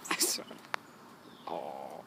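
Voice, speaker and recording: A woman filming her cats at home on her phone, talking playfully to them in a cooing way and giggling often, sleepy from just waking up. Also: rumbling low. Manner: cooing, playful talk to pets, frequent giggles. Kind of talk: casual home video chat. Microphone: handheld phone camera. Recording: phone video with clear background noise.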